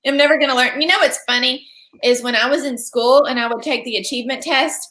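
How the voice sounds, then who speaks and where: A chatty woman co-hosts a relaxed live-stream show. Her voice is high and bright, and she spins playful little stories from her own life. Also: fast. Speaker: co-host. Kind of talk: casual live-stream chat.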